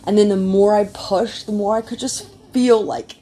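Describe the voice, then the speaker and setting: A young woman casually telling her birth story, animated and full of "like" fillers. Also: mid-range voice, moderate pace, slight background noise. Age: young adult. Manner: chatty, animated, many "like" fillers.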